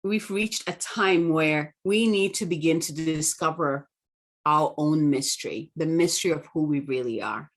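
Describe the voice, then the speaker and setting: A woman's voice: deep voice, normal speed. A woman guest on a podcast interview, talking in an earnest, affirming way and often checking in with "right?". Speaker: guest, spiritual mentor.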